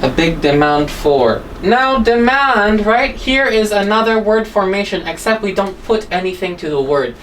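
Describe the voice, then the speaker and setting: A woman's voice: medium pitch, lively intonation, moderate pace, few pauses, far from the mic, slight background noise, poor audio. A woman teaching an English exam-prep class, explaining word forms and checking in with "right?" and "okay?" after nearly every point.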